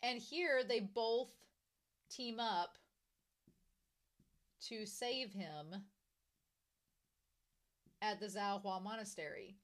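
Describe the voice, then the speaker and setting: A young woman casually discussing a novel she is reading, animated and jumping to excited high notes. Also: drawn-out words, pauses often. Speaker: book reviewer.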